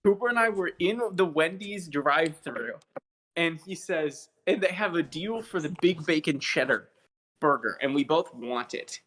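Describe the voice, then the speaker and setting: A man's voice: fairly high pitch, lively intonation, moderate pace, a bit bright, slight background noise. A young man co-hosting a podcast in casual chat, joking and teasing his friend. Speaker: podcast co-host.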